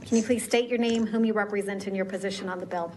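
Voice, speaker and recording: A woman chairing a legislative hearing, calling witnesses in a brisk, formal, routine manner. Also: medium pitch, fairly even intonation, darkish tone, slight background noise. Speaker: committee chair. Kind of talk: procedural hearing announcements.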